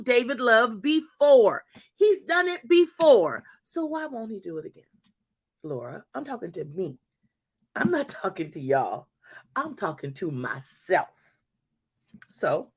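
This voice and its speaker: A woman in her fifties hosts a faith-centered talk in an expressive storytelling voice that leaps up and down. Her voice sits a little above the usual range, and she drives points home by repeating them. She speaks to her audience directly and casually. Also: fairly high pitch. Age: 50s. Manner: animated, emphatic repetition, addresses listeners as y'all. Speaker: host.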